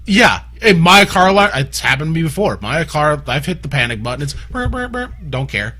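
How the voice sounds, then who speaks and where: A man's voice: fairly high pitch, fairly quick, breathy edge. A man in his thirties chatting crudely and jokingly as a podcast co-host. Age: 30s. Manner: crude, joking, bursts into animated put-on voices. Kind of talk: casual chat.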